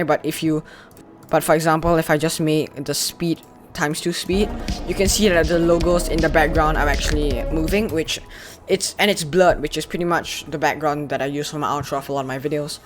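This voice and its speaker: A man's voice: on the high side, fairly bright tone. Chatty young man reacting eagerly. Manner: enthusiastic, chatty, praising. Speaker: channel host judging a giveaway. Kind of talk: casual reaction commentary.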